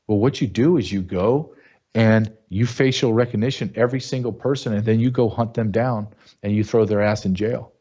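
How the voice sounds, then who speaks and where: Blunt middle-aged man, low mellow voice. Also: moderate pace, slightly rough. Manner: emphatic, blunt, fires rhetorical questions. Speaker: show host. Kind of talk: opinion commentary. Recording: dull lo-fi sound.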